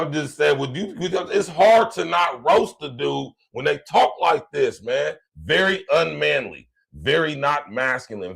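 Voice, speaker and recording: A man's voice: medium pitch, creaky, fairly bright tone, slightly rough. A man hosting a podcast, reacting to clips with blunt, mocking slang-heavy commentary. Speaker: podcast host.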